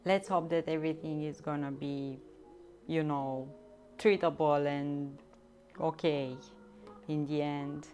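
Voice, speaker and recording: Slow-talking woman baking on a live stream. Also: deep voice, steady tone. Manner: chatty, giggly, reads viewer comments. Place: home kitchen. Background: soft background music.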